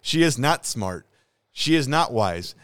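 A man co-hosts a casual podcast, ranting bluntly and dropping swear words freely. His pitch swings widely as he talks, and the recording is dry and close. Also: lively intonation, a little slow, fairly bright tone, clear, resonant tone, no echo. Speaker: podcast host. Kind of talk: casual chat.

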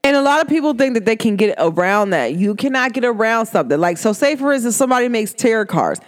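Blunt, lively spiritual woman. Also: a little high, fast talker. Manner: blunt, animated and outspoken. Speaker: spiritual reader and candle maker. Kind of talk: casual podcast monologue.

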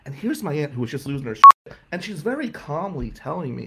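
A man telling a comic story in an animated, profane, incredulous way. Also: on the high side, a little fast, gravelly, very noisy. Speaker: stand-up comedian.

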